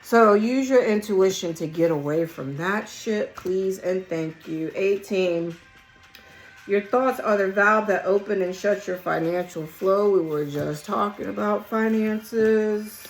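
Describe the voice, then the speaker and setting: A hoarse woman, losing her voice, giving a casual collective tarot reading in a blunt, emphatic way and swearing freely. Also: mid-range voice, takes it slowly, faint music behind, low-quality recording. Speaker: tarot reader. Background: song playing quietly.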